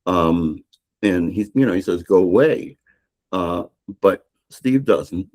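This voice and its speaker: A man's voice: sits low, slow, a little mellow. An older man, a novelist, retelling his book's plot in a podcast interview, rambling with restarts and fillers. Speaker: novelist guest.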